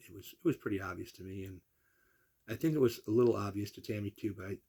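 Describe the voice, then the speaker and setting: A man's voice: lowish voice, fast talker. A man in his sixties telling salty family stories in a casual way, acting out the people he quotes. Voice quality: gravelly, husky voice. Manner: animated, salty storyteller who acts out the people he quotes. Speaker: storyteller. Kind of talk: casual personal storytelling.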